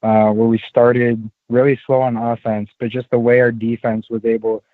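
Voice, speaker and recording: A man from Orlando calling in by phone to a podcast, giving a relaxed, steady recap. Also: mid-range voice, moderate pace, no echo. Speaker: caller. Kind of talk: phone call-in. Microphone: phone line. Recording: thin tinny phone line.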